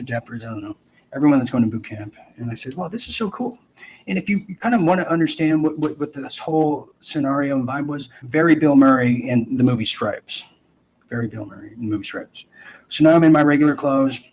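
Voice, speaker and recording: A man's voice: mid-range voice, a little mellow, slight background noise. Rambling man telling a story. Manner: rambling, full of restarts and asides. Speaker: host. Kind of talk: casual storytelling.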